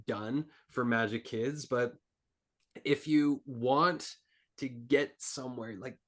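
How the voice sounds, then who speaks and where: A man's voice: medium pitch, steady tone, takes it slowly, fairly bright tone. A man speaking as an entrepreneur guest on a podcast, earnest and rambling, with lots of filler words. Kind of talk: casual interview talk.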